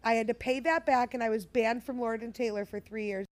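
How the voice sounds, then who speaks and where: A woman's voice: on the high side, fairly even intonation, brisk. A woman in her twenties, telling a story in casual chat, laughing often and acting out what others said. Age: 20s.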